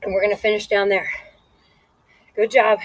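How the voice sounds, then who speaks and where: A woman's voice: mid-range voice, little pitch movement, moderate pace, husky, no room sound, rough recording. A woman fitness instructor leading a workout and counting reps aloud, out of breath and encouraging.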